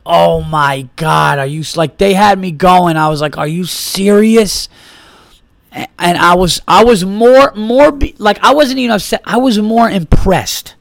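A man hosting a podcast, animated as he retells a story, acting out the quotes and swearing freely. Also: medium pitch, no echo. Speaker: podcast host. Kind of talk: casual storytelling.

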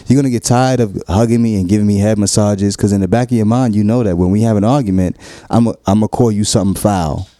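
A man's voice: fairly low pitch, steady tone, quick pace, dark tone, no echo. A man talking casually about relationships and explaining his view earnestly and at length. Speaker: podcast co-host.

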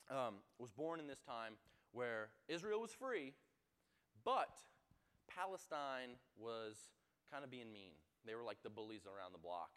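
Animated young man telling a story. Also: medium pitch. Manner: animated, self-mocking storyteller. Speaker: youth speaker. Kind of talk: sermon with personal story.

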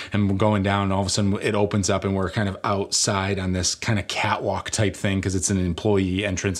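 Lower-voiced pastor telling a story. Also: male voice. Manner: animated storytelling, self-mocking humor. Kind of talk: sermon with a personal story.

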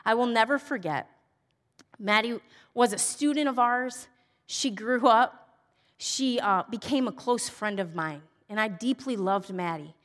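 A middle-aged woman speaking at a women's church event, telling personal stories earnestly and moving between bright emphasis and hushed, tender softness. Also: fairly high pitch, unhurried. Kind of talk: personal teaching talk. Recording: long reverb of a large hall.

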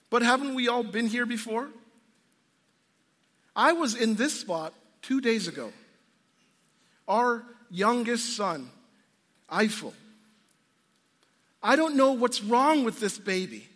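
Casting: an earnest man with a very high voice preaching a sermon, long echo of a large hall. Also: fairly bright tone. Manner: earnest, storytelling, frequent restarts. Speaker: pastor.

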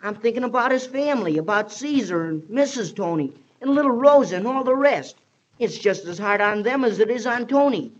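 A woman performs the role of Joe, an earnest, eager boy loyal to Annie, in a 1930s radio drama, with folksy talk and frequent "shucks." Her voice is on the high side, brisk with lively intonation, in a dull lo-fi radio recording of that era.

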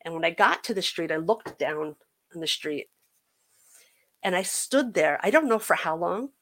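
An American woman, a podcast guest, telling a personal recovery story in an earnest, halting way, with frequent restarts. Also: on the low side, animated, a bit bright.

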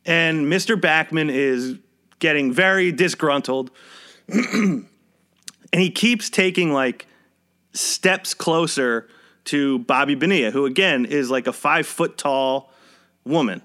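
A man's voice: fairly high pitch, takes it slowly, pauses often, pushed and bright. A young man hosting a podcast, casually telling a personal work story in a wry, conversational way and chuckling as he goes. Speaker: podcast host.

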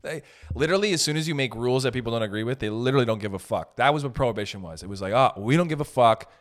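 A young man doing a casual comedic monologue, rambling and joking with swerving pitch and pace. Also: lively intonation, racing. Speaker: comedian host.

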